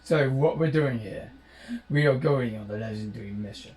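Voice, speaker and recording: A man's voice: medium pitch, normal speed, a little mellow. A British man giving rambling, jokey gameplay commentary, describing himself as a dull talker. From Britain. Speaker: gaming channel host.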